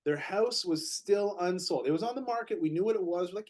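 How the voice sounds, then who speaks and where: Male podcast co-host, higher voice, animated storyteller who restarts and repeats words. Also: quick pace, hardly any pauses. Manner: animated, repeats words when excited, acts out quotes. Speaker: podcast co-host, real estate agent. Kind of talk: casual storytelling chat.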